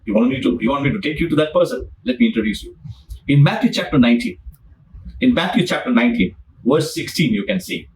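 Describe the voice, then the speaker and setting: Emphatic preacher, heard from a distance. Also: male voice, fairly high pitch, lively intonation, fast. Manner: repetitive, emphatic, dramatizes scripture. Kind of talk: sermon.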